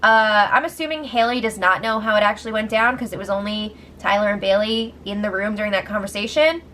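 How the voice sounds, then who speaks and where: A young woman giving a casual, excitable recap of a reality show, laughing often as she talks. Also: mid-range voice, brisk, a little hiss or hum.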